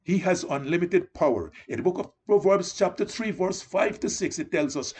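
Male preacher, high and animated, slightly husky, exhorting his flock. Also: normal speed, hardly any pauses. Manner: exhorting, repeatedly addressing listeners as beloved. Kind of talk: sermon.

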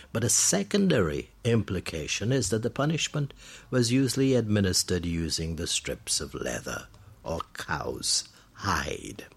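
A man with a deep, gravelly voice hosts a scripted vocabulary lesson. His tone is very husky, and his pitch swings widely as he spells words out letter by letter and leans on how each one is pronounced. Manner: measured, deliberate explaining. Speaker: radio vocabulary program host. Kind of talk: scripted word-of-the-day lesson.

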